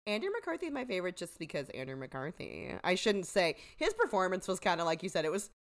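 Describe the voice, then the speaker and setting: Wry young woman with a low, lively voice. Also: fast. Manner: wry, blunt jokes, casual swearing. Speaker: podcast co-host. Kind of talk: casual chat.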